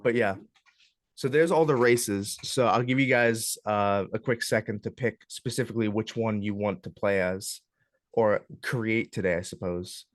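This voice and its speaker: A young man leading a club workshop in a casual, relaxed way, hesitating often with ums and uhs as he walks a group through game character options. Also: fairly low pitch, moderate pace, no room sound, clean studio sound. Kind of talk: casual classroom walkthrough. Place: classroom.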